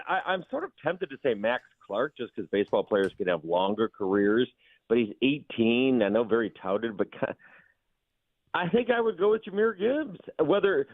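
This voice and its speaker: A man giving quick, animated opinions as a guest on a sports radio show. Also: fairly low pitch, no room sound. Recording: thin phone-line sound.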